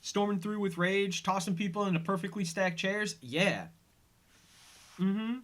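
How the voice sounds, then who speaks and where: A man's voice: sits high, unhurried, a bit bright. A man hosting a casual commentary podcast, retelling an episode with lots of fillers and quoted lines. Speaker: podcast host.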